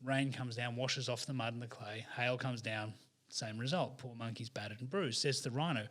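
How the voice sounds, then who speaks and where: A man in a relaxed podcast chat, retelling a kids' story with chatty energy. He talks in animated bursts full of fillers and restarts, with a voice of middling pitch. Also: normal speed, hardly any pauses. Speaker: podcast guest, author. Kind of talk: casual storytelling in conversation.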